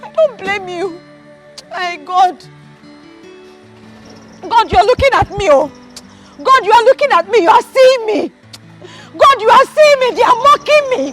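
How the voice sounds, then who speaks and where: A woman's voice: very high-pitched, lively intonation, measured pace, long pauses, fairly bright tone, soft background music, heavily acted. An actress playing a proud young wife who fiercely defends her husband and scolds an intruder. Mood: pleading prayer. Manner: indignant, scolding, repeats accusations. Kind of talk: film drama acting.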